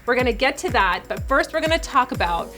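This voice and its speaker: A woman's voice: high-pitched, expressive, fast, pushed and bright, faint music behind. A woman in her forties talking straight to camera in a chatty, emotional beauty vlog, calling her viewers ladies and getting teary at times. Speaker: beauty channel host, esthetician. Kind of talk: casual direct-to-camera vlog.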